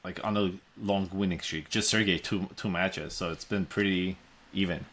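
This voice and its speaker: A man co-hosting a podcast, plainly laying out points and standings. His voice sits a bit low in pitch. It has a bright tone. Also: moderate pace. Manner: matter-of-fact, cites stats. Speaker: podcast co-host. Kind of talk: casual chat.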